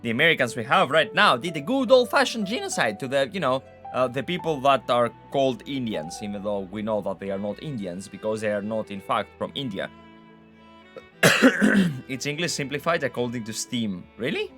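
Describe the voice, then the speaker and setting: A young man commenting on a game live, excitable and ranting. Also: mid-range voice, normal speed, faint music behind. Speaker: streamer.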